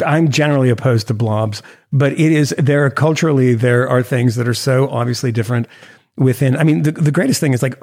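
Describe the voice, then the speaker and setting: Gravelly, rambling man chatting. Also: mid-range voice. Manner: rambling, animated, many restarts and fillers. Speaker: podcast co-host. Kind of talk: casual chat.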